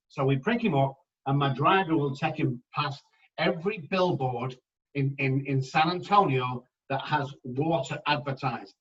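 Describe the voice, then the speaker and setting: A man speaking as a guest on a podcast interview, telling emphatic, animated anecdotes about how words shape the mind. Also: medium pitch, moderate pace. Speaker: guest addiction specialist. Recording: slightly dull, distant mic.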